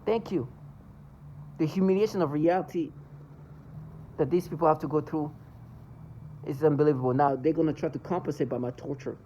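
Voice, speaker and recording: A man's voice: on the high side, a little fast, long pauses, mellow, highs cut off, slight background noise. A man ranting angrily in a monologue to camera, cursing and agitated. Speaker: vlogger.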